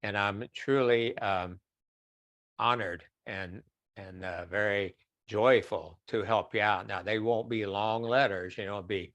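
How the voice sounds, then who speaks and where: A man's voice: lowish voice, steady tone, unhurried, fairly bright tone, no room sound. A man speaking as a guest in an online question-and-answer session, chatty, sometimes acting out voices in quotes. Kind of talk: online webinar Q&A.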